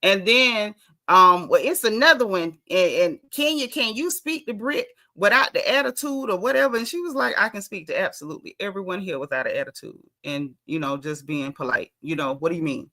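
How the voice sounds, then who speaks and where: A woman's voice: mid-range voice, fairly quick. A woman, chatting sassily and animatedly as she recaps a reality TV episode. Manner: sassy, animated, mimics cast members' quotes. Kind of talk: casual reality TV recap chat.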